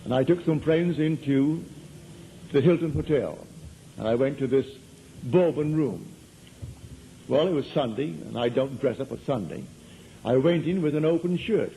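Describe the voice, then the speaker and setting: A man's voice: mid-range voice, expressive, normal speed, gravelly, long pauses, mellow, slight background noise, low-quality recording. A man giving a spiritual lecture to an audience, telling stories in a conversational way and driving points home by repeating them. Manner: conversational storytelling, emphatic repetition. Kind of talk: metaphysical lecture to a live audience.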